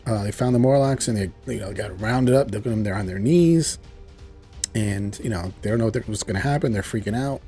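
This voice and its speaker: A man's voice: mid-range voice, mellow. A man giving a casual, chuckling recap of a TV episode as he loosely paraphrases its dialogue. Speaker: TV show reviewer.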